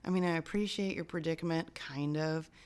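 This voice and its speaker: A woman co-hosting a podcast in casual chat, blunt and profane, quick to laugh. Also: sits low, a little mellow. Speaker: guest co-host.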